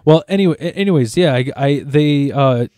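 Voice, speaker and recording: A man's voice: fairly high pitch, fairly quick, warm tone, no room sound, clean studio sound. A young man chatting casually as a podcast co-host, rambling with profanity and many restarts. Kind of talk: casual chat.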